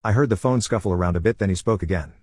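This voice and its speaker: A man with a husky voice narrating a scripted horror story at a fast, steady clip. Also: low-pitched, no echo.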